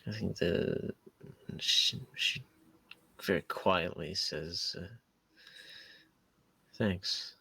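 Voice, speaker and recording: Male player, hesitant narration, very low gravelly voice, bright tone, dry close sound. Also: takes it slowly, no echo. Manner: hesitant, thinking aloud. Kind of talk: narrating his character's actions in a tabletop game.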